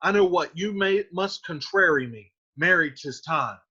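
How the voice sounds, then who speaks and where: A man's voice: high-pitched, expressive, normal speed, bright, forceful tone, husky, dull audio, voice pushed up, heavily acted. A man voicing a commanding older head of a household who scolds a younger relative with authority. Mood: scolding.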